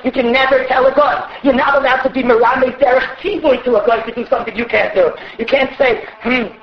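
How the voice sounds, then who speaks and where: A man teaching a class on Jewish law in an animated lecturing manner, often repeating his points. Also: very high voice, a little hiss or hum. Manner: animated, mixes Yiddish and Hebrew terms, repeats points. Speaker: rabbi teaching halacha. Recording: echoey room, dull lo-fi sound.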